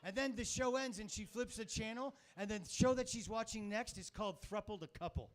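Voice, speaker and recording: Middle-aged male comic hosting a club night, high voice, crude and self-mocking, on a stage mic. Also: a little fast. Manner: crude, rambling, self-mocking, swears a lot. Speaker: stand-up comic and show host. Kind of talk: stand-up comedy set.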